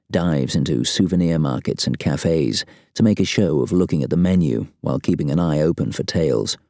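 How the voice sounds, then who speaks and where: A man reads a thriller audiobook in a very low, mellow voice. His delivery is steady and even-paced. The recording is dry and close to the mic. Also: no room sound. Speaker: audiobook narrator. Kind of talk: scripted narration.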